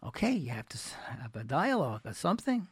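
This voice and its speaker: A man's voice: medium pitch, big pitch swings, fast talker, breathy edge, no echo. A man giving a storytelling Torah talk as a religious teacher, folksy and anecdotal, repeating key phrases for emphasis. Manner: folksy, retells anecdotes with quoted dialogue.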